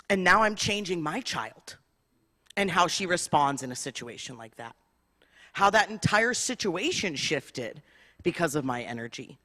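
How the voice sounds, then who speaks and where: A woman's voice: on the low side, a bit bright. A woman rabbi giving an impassioned sermon, building long rhythmic lists with rising emphasis and telling personal stories. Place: large spiritual center hall. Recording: long hall reverb.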